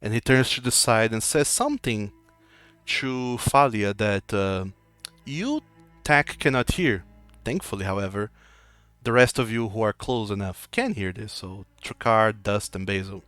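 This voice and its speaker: A man's voice: lowish voice, a little slow, fairly bright tone, clean tone, no room sound, soft background music. A man acting as game master, narrating a tabletop game in a loose, descriptive way. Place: home streaming setup.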